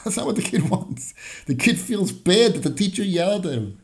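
A man's voice: sits high, sing-song, brisk, creaky, darkish tone. A man hosting a podcast, giving a conversational Torah lesson with everyday examples and the odd chuckle. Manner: explains with everyday examples and acts out short dialogues; chuckles now and then. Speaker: podcast host and Torah teacher.

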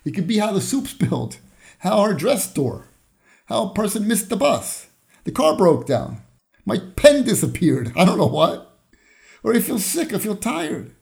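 This podcast host and Torah teacher speaks at a measured pace in a high, sing-song voice that's gravelly with a darkish tone. He teaches conversationally through everyday examples and short acted dialogues, chuckling from time to time.

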